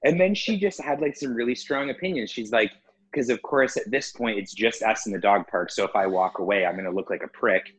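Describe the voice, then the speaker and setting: A man telling a story in casual chat with friends, animated, laughing and swearing often. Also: fairly low pitch, fairly quick, breathy edge, poor audio.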